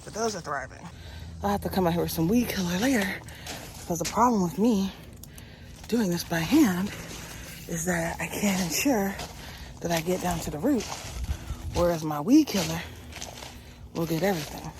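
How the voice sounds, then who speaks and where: A woman's voice: fairly low pitch, animated, moderate pace, long pauses, background noise. A woman vlogging at home, chatting and laughing with her viewers while sweaty from yard work. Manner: chatty, laughs often, talks to viewers as y'all. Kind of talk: casual chatty vlog. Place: at home, in the backyard and indoors.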